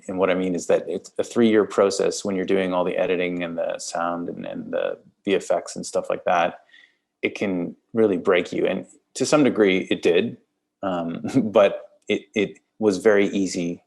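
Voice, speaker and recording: A Canadian-accented film director speaks casually in an interview, his voice low, gravelly, and a little mellow. He rambles, repeats words as he thinks, and laughs between thoughts.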